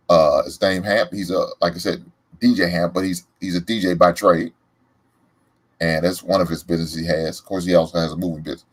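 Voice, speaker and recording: Southern guy hosting a reaction show, low husky voice, real lively. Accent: Southern American. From American South. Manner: animated, emphatic, loud laughs. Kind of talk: casual reaction commentary.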